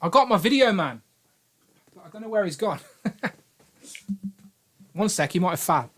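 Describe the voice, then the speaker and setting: A man's voice: sits high, animated, takes it slowly, husky. A British man hosting a toy collecting live stream, rambling and joking as he thanks donors. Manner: rambling and jokey, reads out donations. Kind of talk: casual live-stream chat.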